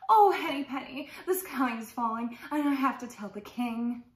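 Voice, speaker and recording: A woman's voice: normal speed, lightly acted. A woman voicing a panicky little hen who cries out in alarm, in a roomy recording. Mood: panicked. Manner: frantic, shrill cries. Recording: roomy echo.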